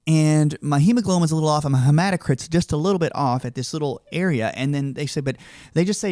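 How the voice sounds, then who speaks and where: A man's voice: on the high side, quick pace, dark tone, no echo, clean studio sound. Chatty man hosting a podcast. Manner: rambling questions, frequent affirming backchannels. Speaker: podcast host, doctor. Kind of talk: casual interview chat.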